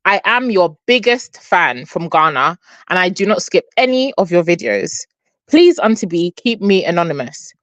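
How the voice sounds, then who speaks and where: A woman with a lowish voice co-hosts a casual chat. She playfully goads her friend, and the sound is dry and close. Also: big pitch swings, moderate pace, no room sound, dull audio. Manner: playful, egging on. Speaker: co-host.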